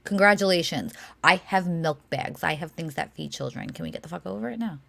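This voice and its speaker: A woman co-hosting a casual livestream Q&A, animated and brash, laughing and swearing often. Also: fairly low pitch, fairly quick, creaky. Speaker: co-host of a Q&A stream.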